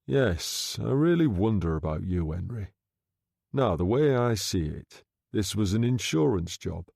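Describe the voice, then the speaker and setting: A man voicing a smooth-talking gangster undertaker who speaks low, soft and quietly threatening, in an audiobook reading. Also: big pitch swings, a little slow, no echo, studio quality, full character voice. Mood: menacing.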